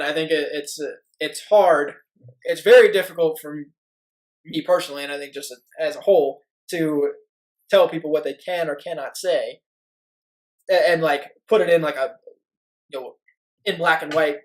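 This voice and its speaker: A man co-hosting a sports podcast, talking casually and haltingly with lots of "you know" asides. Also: a little high, fairly even intonation, rough recording. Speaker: podcast co-host.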